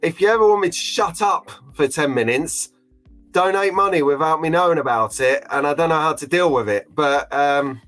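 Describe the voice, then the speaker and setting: A middle-aged man runs a casual live stream, chatty and joking, quick to get openly emotional. His voice sits a touch higher than most men's. Faint music plays behind him. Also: a bit bright.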